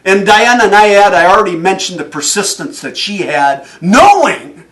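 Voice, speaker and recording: A man giving a motivational speech, telling stories in an animated way and chuckling often. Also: high voice, moderate pace, recorded from a distance. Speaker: motivational speaker.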